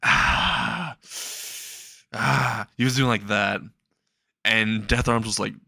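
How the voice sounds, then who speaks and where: A man's voice: on the low side, level tone, moderate pace, vocal fry, sharp tone, no echo. Young male narrator, casual and rambling, dry close sound. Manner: laughs at his own jokes, rambling. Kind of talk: casual comedic storytelling.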